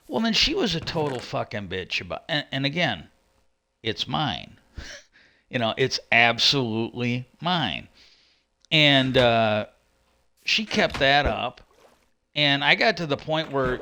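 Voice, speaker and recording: Male streamer, casual ranting storyteller, rambling and profane, with a bright voice. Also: medium pitch, animated, unhurried.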